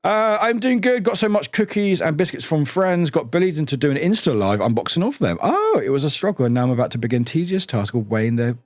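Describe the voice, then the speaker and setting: A man's voice: fairly high pitch, very animated, fairly quick, hardly any pauses, dry recording. A young British man casually chatting with his live-stream viewers, greeting them by name and laughing often.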